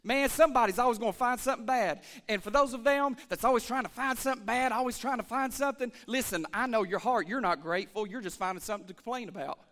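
A man preaching a lively church sermon as pastor, calling for amens and swinging between shouts and hushed asides. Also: extremely high pitch, fast, few pauses. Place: church sanctuary.

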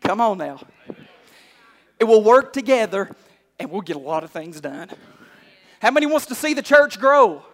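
A male pastor preaching a sermon, calling out to the congregation and climbing to shouts. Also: high-pitched, very animated, normal speed, pauses often. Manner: call-and-response preaching, rising to shouts. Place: church hall. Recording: long hall reverb.

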